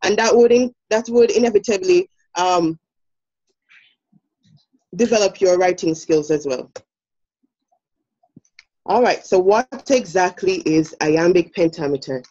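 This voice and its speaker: A woman's voice: lowish voice, a little slow, pauses often, warm tone. Jamaican woman, teacher, step-by-step explaining, many ums, muffled lo-fi audio. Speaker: teacher presenting a lesson. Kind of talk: demo lesson presentation. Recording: dull lo-fi sound.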